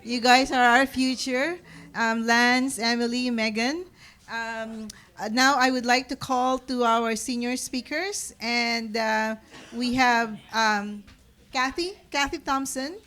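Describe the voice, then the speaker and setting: A woman's voice: a little high, steady tone, takes it slowly, a bit bright. A woman hosting the meeting, introducing speakers hesitantly. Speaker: event host.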